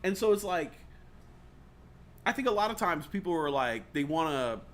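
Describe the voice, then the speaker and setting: A man hosting a talk show, telling comic stories in a casual, animated way, swearing freely and acting out voices. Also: a little high, moderate pace. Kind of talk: comedic storytelling chat. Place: studio or stream set.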